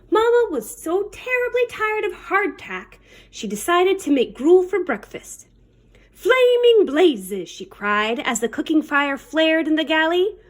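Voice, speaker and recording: Animated woman reading a storybook. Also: very high voice, unhurried. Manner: playful, animated pirate talk. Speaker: children's librarian. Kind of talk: storybook read-aloud.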